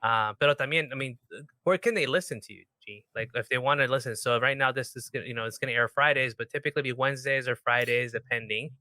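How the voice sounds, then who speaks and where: A man hosting a podcast, telling stories in an animated, playful, casual way. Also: medium pitch, quick pace, dry recording. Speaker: podcast host.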